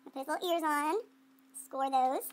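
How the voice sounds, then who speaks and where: At a normal speed and in a high-pitched voice, a woman art teacher walks through a clay demo in class. Playful and chatty, she talks to herself as she works and trades questions and answers with her students.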